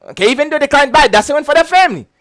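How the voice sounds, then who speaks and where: Man, very high voice, animated pitch, casual chatty lecture. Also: rapid-fire, dry recording. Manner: chatty, keeps checking "okay?", breaks into giggles. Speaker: insurance licensing instructor.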